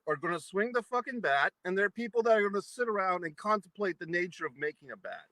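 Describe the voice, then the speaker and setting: A man's voice: high voice, animated, quick pace, hardly any pauses, sharp tone, dry recording, rough recording. A man from New England ranting at length, angry and profane, in a vlog monologue. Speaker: vlogger. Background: eating pizza.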